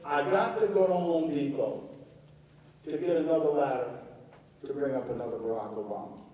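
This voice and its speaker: A man's voice: mid-range voice, moderate pace, dark tone, a little hiss or hum, close to an everyday voice. A man voicing his stubborn, nearly hundred-year-old uncle who grumbles about getting up early. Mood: deadpan. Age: nearly 100. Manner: grumbling, dismissive. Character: gruff near-centenarian uncle, stubborn. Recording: echoey hall from far off, with audience.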